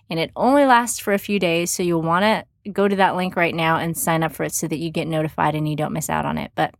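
A woman from Texas, USA, with a mild Texan accent hosts a casual podcast interview. Her voice sits lowish, and the recording is dry with clean studio sound. She chats upbeat, full of fillers and restarts.

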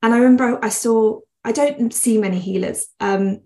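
A woman's voice: on the high side, normal speed, dark tone. Earnest rambling woman. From West Midlands, England. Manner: earnest, rambling with frequent laughs. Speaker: podcast guest. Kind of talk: conversational podcast interview.

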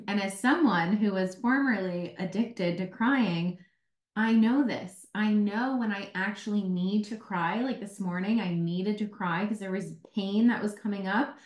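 Candid swearing woman coach, roomy echo. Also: medium pitch. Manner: mimics others' voices in quotes. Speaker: life coach. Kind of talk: casual solo podcast monologue.

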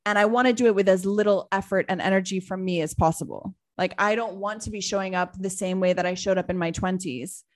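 A woman in her thirties from Trinidad, speaking in a thoughtful interview with many pauses as she searches for words. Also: mid-range voice, fairly even intonation. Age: 30s. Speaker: guest, business owner. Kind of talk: reflective interview answer.

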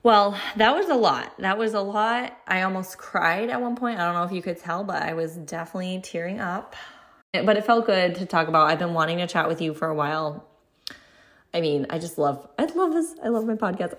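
A woman's voice: on the low side, lively intonation, fairly quick. Chatty young mother hosting a podcast. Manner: chatty, earnest and encouraging, many fillers. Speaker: podcast host. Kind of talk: solo podcast chat.

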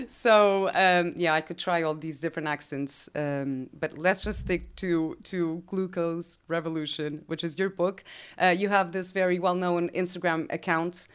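A woman's voice: on the low side, steady tone, a little slow, smooth. A woman from Portugal with a Portuguese accent, hosting an interview podcast in English with frequent hesitations and fillers. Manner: hesitant, many fillers, laughs easily. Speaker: podcast host.

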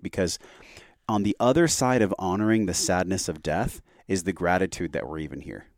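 Man, very deep voice, heartfelt, reflective storytelling, dry close studio sound. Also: normal speed, no room sound. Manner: earnest and heartfelt. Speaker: podcast guest.

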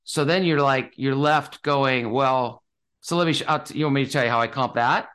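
A real estate investor appears as a guest in a casual interview, talking enthusiastically with lots of fillers and restarts. His voice is medium-pitched, smooth and a bit bright, at normal speed.

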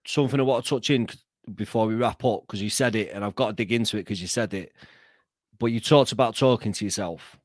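A man's voice: fairly low pitch, quick pace, dry recording, clean studio sound. A man hosting a podcast who talks in an enthusiastic, affirming, motivational way. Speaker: podcast host. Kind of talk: casual conversational interview.

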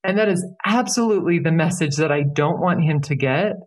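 Earnest middle-aged woman guest, animated, emphatic, conversational. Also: low voice, a little fast. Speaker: podcast guest, parenting expert. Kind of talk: casual conversation.

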